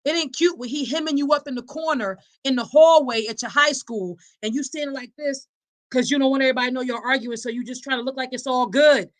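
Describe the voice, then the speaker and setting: A woman's voice: high-pitched, fast talker. Woman, live podcast host, emphatic, preacher-like delivery, talks straight to her audience. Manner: emphatic and preacherly, addressing listeners as y'all and reading live comments. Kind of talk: live-streamed advocacy talk.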